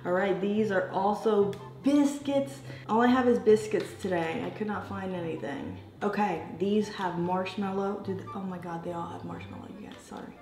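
A woman's voice: medium pitch, fairly even intonation, moderate pace, few pauses, a little mellow, reverberant, soft background music. A woman with an American accent hosting a casual taste-test vlog, chatting straight to her viewers. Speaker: vlogger.

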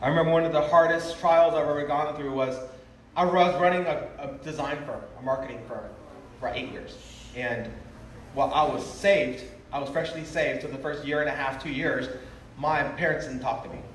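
A man's voice: a little high, normal speed. A man preaching an emotional revival sermon, earnest and pleading, drawing out his phrases tenderly. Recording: roomy, distant live sermon audio with faint noise.

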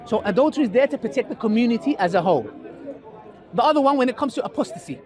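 A young man preaching and debating outdoors in a public park, lively and full of rhetorical questions to his listener. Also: very high voice, very fast. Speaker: street preacher. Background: crowd.

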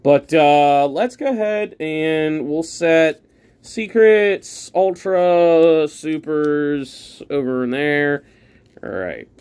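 A man giving casual commentary while opening trading card packs, chatty and excitable, thinking aloud as he sorts his pulls. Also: on the high side, smooth.

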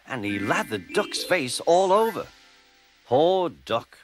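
A man narrating a children's train story in an expressive, animated way. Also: a little high, slow. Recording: narration over clear music.

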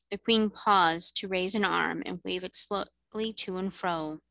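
Bright-voiced woman reading a storybook. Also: lowish voice, fairly even intonation, measured pace, creaky, few pauses, dry recording. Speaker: tutor reading a novel aloud. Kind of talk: storybook narration.

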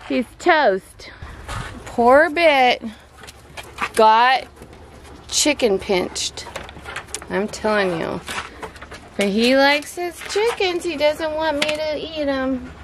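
Speaking extremely slowly in a high voice and pausing often, a mother records a vlog beside her chicken yard. She jokes around with her son and laughs frequently, with faint outdoor background noise audible.

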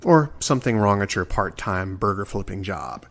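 A man's voice: fairly low pitch, lively intonation, normal speed, creaky, a bit bright. A man in his forties hosting a solo podcast, earnest and rambling, sometimes stumbling over his words. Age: 40s. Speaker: podcast host. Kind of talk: reflective solo podcast monologue.

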